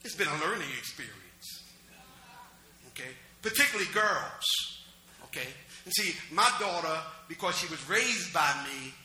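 Animated, bright-voiced preacher man. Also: on the high side, roomy sound, a little hiss or hum. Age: middle-aged. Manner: conversational preaching with call-outs to the congregation. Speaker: pastor. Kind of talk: sermon.

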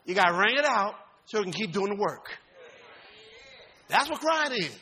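A man pastor preaching a sermon, folksy and informal, swinging from loud rising shouts to low quiet talk. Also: sing-song, moderate pace, husky.

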